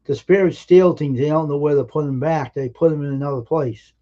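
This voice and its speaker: A man telling personal anecdotes on a live stream in an earnest, emphatic way, with halting restarts. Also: on the high side, highs cut off. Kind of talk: casual storytelling on a live stream.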